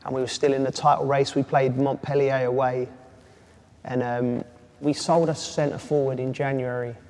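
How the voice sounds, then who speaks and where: A man, a former footballer telling animated stories as an interview guest. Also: medium pitch, normal speed. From England. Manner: animated storyteller, does voices and laughs. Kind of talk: casual chat. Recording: long reverb, faint ambient noise.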